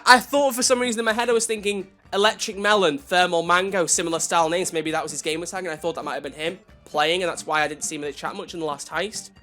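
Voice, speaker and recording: A man streams a video game and chats casually with his viewers, often poking fun at himself. His voice is bright and a touch high. Faint music plays behind him. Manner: chatty, self-deprecating, talks to chat. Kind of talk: casual livestream chat.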